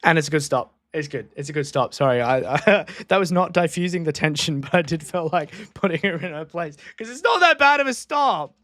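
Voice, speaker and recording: A man's voice: on the high side, lively intonation, brisk, few pauses, fairly bright tone, dry recording. A man streaming a live race watchalong from a home desk microphone, chatting casually and repeating himself as he reacts to each moment.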